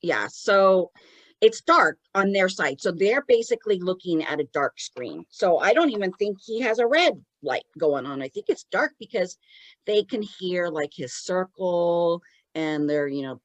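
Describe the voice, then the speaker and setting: A woman co-hosting a podcast in casual chat, retelling events in an animated way. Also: fairly low pitch, measured pace, no room sound. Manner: animated retelling, acts out quoted lines. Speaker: podcast co-host.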